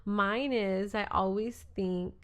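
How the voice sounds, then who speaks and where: A woman's voice: medium pitch, steady tone, takes it slowly. A young adult woman co-hosting a podcast in casual chat, chatty, laughing often and talking over her friend. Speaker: podcast co-host.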